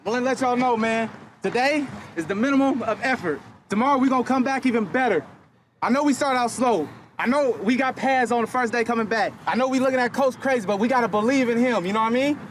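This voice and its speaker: Man, high strained voice, shouting, locker-room pep talk, profane, faint ambience. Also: fast talker, a little hiss or hum. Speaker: football player addressing team. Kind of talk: locker-room motivational speech.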